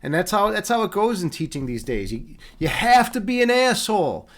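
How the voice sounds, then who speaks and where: High-voiced rambling streamer man from Chicago. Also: sing-song, moderate pace. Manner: rambling, repeats words, frequent fillers. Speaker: streamer host. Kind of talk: casual live-stream chat.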